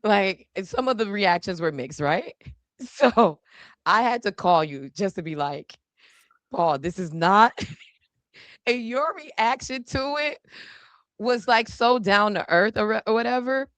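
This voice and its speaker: A woman's voice: mid-range voice, expressive, a little slow, fairly bright tone, no room sound. A woman hosting a show and chatting casually in a loose, slangy, laughing way. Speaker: show host and journalist. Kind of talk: casual chat. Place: studio. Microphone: studio mic.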